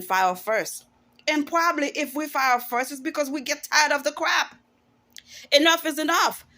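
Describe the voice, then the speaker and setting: Outspoken woman in her 40s ranting to camera, kinda high voice, keeps restarting sentences. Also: pushed and bright. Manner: emphatic and outspoken, with frequent restarts. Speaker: vlogger. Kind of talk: casual opinion monologue to camera.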